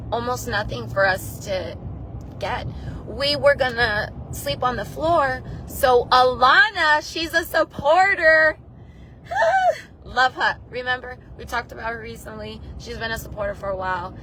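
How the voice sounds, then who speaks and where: A woman's voice: fairly high pitch, noisy background. A woman vlogger telling a personal story to her viewers in a rambling, emotional way, tearful at times, with many restarts.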